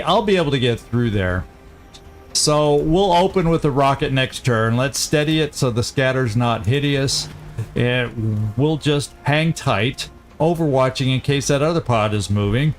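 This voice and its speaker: A man hosting a let's-play, chatting casually and thinking aloud as he plays, quick to laugh. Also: mid-range voice. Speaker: gaming channel host.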